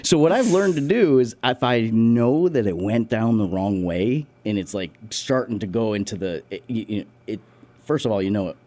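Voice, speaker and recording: A man's voice: lowish voice, lively intonation, moderate pace, a little mellow. A man co-hosting a community radio show, chatting casually and explaining things step by step. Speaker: co-host.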